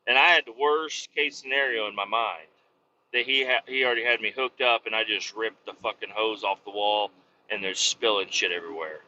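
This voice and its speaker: Sharp-voiced man telling a profane story. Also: on the low side, brisk. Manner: profane, rambling, animated. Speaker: podcast host, truck driver. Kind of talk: casual storytelling. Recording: dull lo-fi with faint noise.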